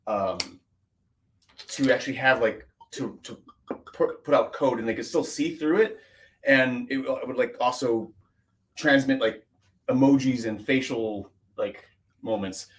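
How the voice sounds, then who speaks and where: Male guest actor, average pitch, loose rambling chat. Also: fairly bright tone. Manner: rambling, lots of fillers and restarts. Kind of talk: casual chat.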